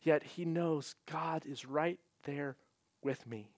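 A man preaching a sermon as pastor. He talks earnestly, slows down to stress key points and rises when he quotes scripture. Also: on the high side, a little mellow, no room sound.

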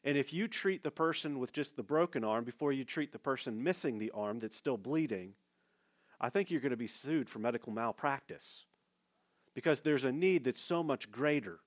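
A man's voice: medium pitch, animated, normal speed. A male pastor preaching a sermon, casual and direct, with fillers and asides to the congregation. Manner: conversational preaching with fillers, addresses listeners directly.

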